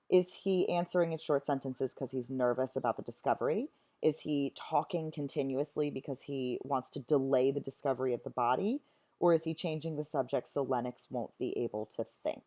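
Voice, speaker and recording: Low, mellow-voiced woman teacher. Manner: chatty, enthusiastic explanation with asides. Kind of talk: recorded literature lesson.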